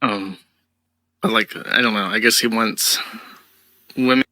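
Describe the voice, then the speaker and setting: A man asking interview questions in a halting, tentative way. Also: fairly low pitch, fairly even intonation, bright, forceful tone, no room sound, rough recording.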